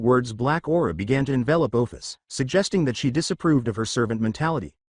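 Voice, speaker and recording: A man reading a fan story aloud as its narrator, in a steady storytelling way. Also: mid-range voice, fast talker, no room sound.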